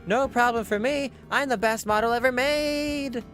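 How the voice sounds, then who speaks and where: A man voicing a frantic female test subject who thinks she is a toaster, yelling in a shrill, manic voice. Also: normal speed, soft background music. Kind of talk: voiced game reading.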